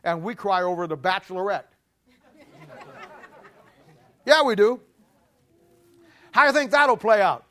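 A man preaching a sermon to a congregation, animated, repeating himself often and swinging between loud and hushed. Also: sits high, unhurried, long pauses, some chatter behind. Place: church before a congregation.

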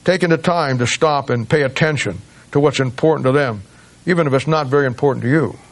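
A middle-aged man preaching a sermon. He stumbles and restarts often, then climbs to emphatic peaks when he drives a point home. His voice sits at an ordinary male pitch. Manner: halting with many restarts, rising to emphatic peaks. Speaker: pastor.

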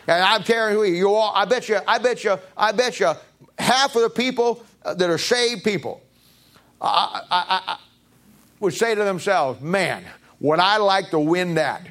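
Male pastor, high voice, preaching with rhetorical questions and wide pitch swings. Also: fairly bright tone. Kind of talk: sermon. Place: church.

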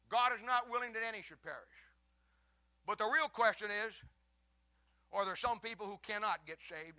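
A man preaching a sermon, his voice high and piercingly bright. He builds to fiery, shouted points, then drops into a lower, conversational tone with wry asides. The sound is close and dry. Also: moderate pace, pauses often, no echo.

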